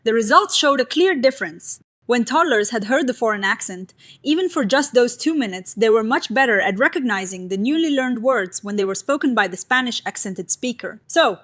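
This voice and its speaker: Higher-pitched woman narrating a science explainer. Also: a bit bright.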